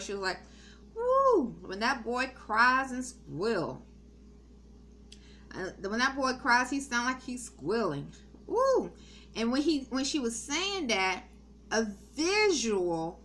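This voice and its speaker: A middle-aged woman speaks earnestly about spiritual matters in a rambling testimony, circling back with frequent ums and restarts. Her voice sits fairly high and sounds bright and sharp. A faint hiss of noise lies underneath. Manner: meandering, many ums and restarts.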